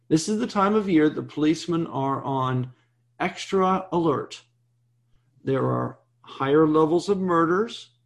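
A slightly high, gravelly-voiced man, a priest, teaches a Bible passage during a sermon. His manner is conversational and chatty, with frequent "okay?" check-ins.

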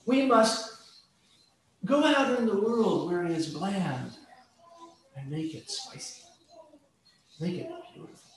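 A man preaching a conversational sermon, teaching with everyday examples and acted-out scenes. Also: high voice. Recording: echoey room, distant mic, faint noise.

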